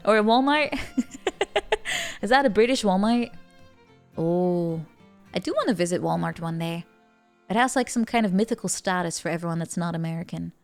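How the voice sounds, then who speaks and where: A woman's voice: lowish voice, very animated, normal speed, long pauses, faint music behind. Giggly woman streamer chatting. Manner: giggly, laughs often between remarks. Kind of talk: casual chat with live viewers.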